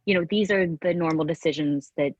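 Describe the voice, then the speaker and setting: A woman's voice: sits low, brisk, no echo. A middle-aged woman in a candid interview, speaking earnestly with many restarts and acting out quotes from her past. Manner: earnest, tumbling restarts, acts out remembered quotes. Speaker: guest.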